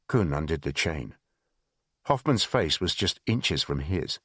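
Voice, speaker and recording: A man reading a spy thriller audiobook in measured, expressive narration. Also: a bass voice, no echo, studio quality.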